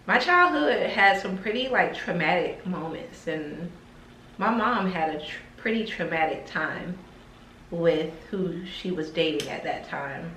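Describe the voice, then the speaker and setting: A woman's voice: lowish voice, fairly bright tone, slight background noise. A woman talking to camera in a casual vlog, heartfelt and emotional, with lots of filler words. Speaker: lifestyle vlogger. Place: her house. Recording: roomy echo, somewhat distant from mic.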